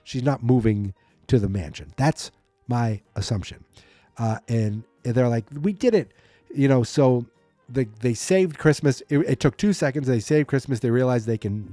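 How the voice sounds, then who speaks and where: Mellow-voiced rambling podcast host, man. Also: medium pitch, no room sound. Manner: rambling, self-correcting, mock-quoting characters. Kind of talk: casual episode recap.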